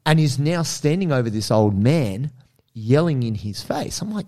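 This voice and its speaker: A man's voice: medium pitch, moderate pace. A young man with an Australian accent, telling a story in casual, rambling chat. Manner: animated, rambling, many fillers.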